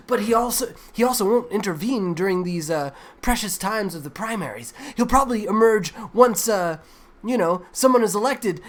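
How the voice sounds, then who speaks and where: A man's voice: high voice, lively intonation, moderate pace. Crude, exasperated male streamer. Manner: crude, exasperated, rambling, swears constantly. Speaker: livestream host. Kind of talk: profane casual commentary on news clips.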